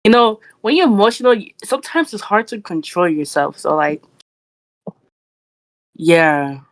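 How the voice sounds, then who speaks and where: A woman's voice: medium pitch, sing-song, measured pace, dry recording. A young woman co-hosting a casual podcast, talking in a rambling, chatty way with lots of "like" and "you know". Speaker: podcast co-host. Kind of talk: casual chat.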